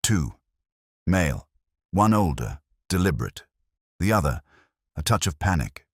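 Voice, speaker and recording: A man's voice: low-pitched, big pitch swings, measured pace, dry recording, studio quality, full character voice. A man voicing a cool, clipped detective. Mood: hushed, precise. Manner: crisp, clipped deductions. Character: keen, cool-headed male detective.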